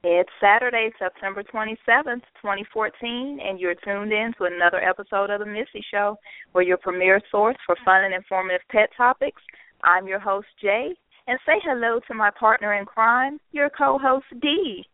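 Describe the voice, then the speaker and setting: A woman's voice: mid-range voice, normal speed, dry recording. A woman hosting a casual chat, slightly congested, who often repeats words when starting sentences. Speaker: host. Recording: tinny phone line, dry.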